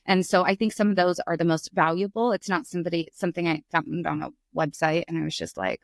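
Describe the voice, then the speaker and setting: A middle-aged woman, a podcast guest, telling a candid story in conversation, lively and acting out the voices in it. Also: on the low side, fairly quick, dry recording, clean studio sound. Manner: animated, acts out voices in her stories.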